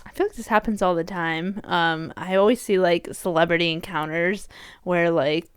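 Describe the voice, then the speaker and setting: A giggly woman from the United States joins a casual chat as co-host, reacting eagerly to everything. Her voice is clear and smooth, recorded close in a dry space. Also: on the low side, fairly even intonation, normal speed, no room sound.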